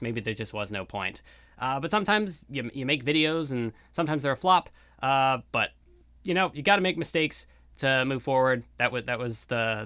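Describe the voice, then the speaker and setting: Bright, dry-voiced young man rambling. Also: medium pitch, dry recording. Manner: rambling, self-deprecating, many fillers. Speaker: YouTuber. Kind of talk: casual vlog outro. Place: room at home.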